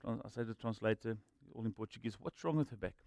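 A man's voice: lowish voice, fast talker, vocal fry, no room sound. Dry, close-miked male preacher. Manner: storytelling, swinging from loud emphasis to hushed asides. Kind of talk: sermon with personal testimony.

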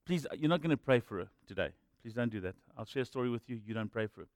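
A man's voice: mid-range voice, lively intonation, quick pace, no echo. Dry, close-miked male preacher. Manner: storytelling, swinging from loud emphasis to hushed asides. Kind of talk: sermon with personal testimony.

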